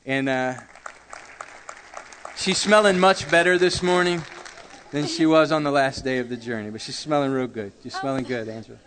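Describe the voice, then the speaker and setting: A pastor preaching a sermon in a church, repeating phrases and stretching out words for emphasis. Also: male voice, mid-range voice, moderate pace, a bit bright, a faint crowd, a little hiss or hum. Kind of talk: sermon with testimonies. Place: church sanctuary. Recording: long reverb of a hall.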